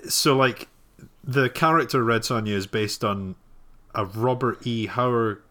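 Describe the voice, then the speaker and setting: A man's voice: mid-range voice, unhurried, a bit bright. A man co-hosting a casual podcast chat about films, with dry, teasing banter. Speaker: podcast co-host.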